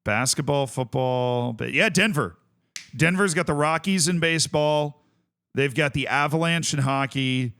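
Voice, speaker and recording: A man's voice: on the high side, measured pace, fairly bright tone, clear, resonant tone. A young man from Tampa streaming a game, chatting casually and thinking aloud as he lists things and corrects himself. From Tampa, Florida. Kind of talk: casual livestream chat.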